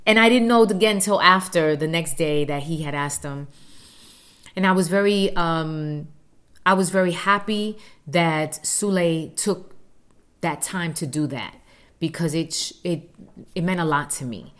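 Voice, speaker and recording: A woman's voice: deep voice, measured pace. A woman earnestly telling a heartfelt personal story about her family as a mother.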